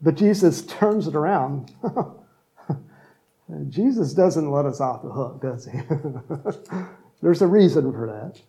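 A man's voice: on the high side, animated, slow pace, vocal fry, pauses often, warm tone, rough recording. A man preaching a sermon in a conversational style, mixing jokes and asides with earnest appeals. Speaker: pastor.

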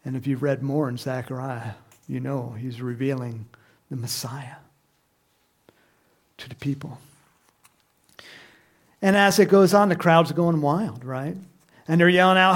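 A man preaching a sermon, animated, who acts out the crowd's shouts and reads scripture aloud. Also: mid-range voice, unhurried, long pauses. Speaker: pastor.

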